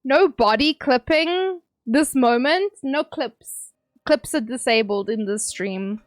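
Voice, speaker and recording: A woman's voice: high voice, expressive, slow, no echo. A woman streamer from England chatting casually with her stream chat, teasing and joking as she reads messages aloud.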